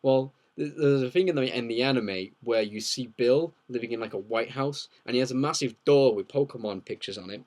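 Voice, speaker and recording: A man's voice: mid-range voice, a little fast, hardly any pauses, darkish tone. A young man hosting a casual live Q&A, rambling and joking as he reads viewer questions aloud. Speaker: livestream host.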